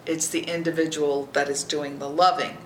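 A Bible teacher reads scripture aloud and explains it verse by verse, often asking "okay?" and sometimes dropping to a soft near-whisper. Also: mid-range voice, flat delivery, moderate pace, echoey room, slight background noise, low-quality recording. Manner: checks in with listeners by asking "okay?".

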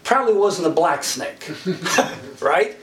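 A man's voice: high-pitched, lively intonation, takes it slowly, fairly bright tone. A middle-aged man preaching a sermon in a folksy, humorous way, chuckling often and acting out the characters he quotes. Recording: echoey room from far off with faint noise.

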